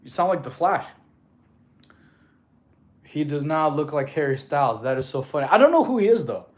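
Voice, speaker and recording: A man's voice: on the high side, lively intonation, normal speed. A man in his thirties, a fitness streamer, chatting casually and reading viewer messages aloud in a laid-back way, calling people bro. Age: 30s.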